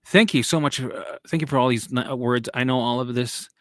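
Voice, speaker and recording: A man's voice: mid-range voice, a little fast, fairly bright tone, no room sound, studio quality. A man hosting a casual live stream, chatting loosely and answering viewer comments.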